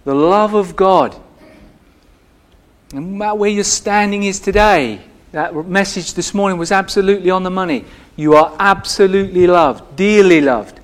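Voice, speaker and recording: A man's voice: sits high, moderate pace. A man preaching a sermon as the church's pastor, earnest and emphatic, repeating phrases and restarting his sentences.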